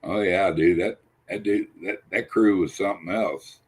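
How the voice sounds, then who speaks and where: A man's voice: deep voice, steady tone, normal speed, breathy edge. A man chatting casually as a panelist on a video call, rambling and profane, with many restarts. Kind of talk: casual chat.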